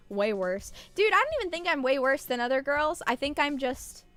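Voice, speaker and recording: A woman's voice: high voice, fairly bright tone. A woman streamer rambling in casual live-stream chat, irreverent and swearing freely.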